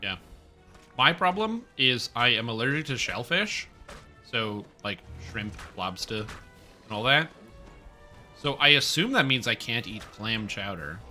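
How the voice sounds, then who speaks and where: A man's voice: medium pitch, very animated, unhurried, pushed and bright, faint music behind. A young man streaming a game, chatting casually and rambling as he jokes and answers chat. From Canada.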